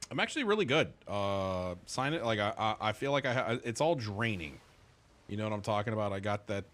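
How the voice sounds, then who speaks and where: Worn-out male streamer, rambly, swears, lively ups and downs, faint music behind. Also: lowish voice, brisk. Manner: rambling, restarts often, swears. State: tired, yawning and congested. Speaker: gaming streamer. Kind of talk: casual stream chat.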